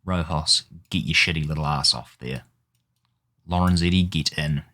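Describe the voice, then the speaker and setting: A man's voice: extremely low pitch, moderate pace, pushed and bright. A man giving casual gameplay commentary, exasperated and swearing as he mutters at the game. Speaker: gaming YouTuber.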